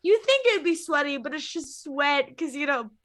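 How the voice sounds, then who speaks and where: A woman player giving quick, quiet reactions during a tabletop game. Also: high voice, expressive.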